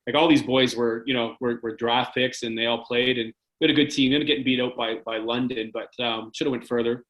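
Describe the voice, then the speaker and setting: A man's voice: medium pitch, level tone, quick pace, fairly bright tone, poor audio. A man in his forties from Canada, a former hockey goalie telling stories in a casual interview, rambling with lots of "like" and "right?".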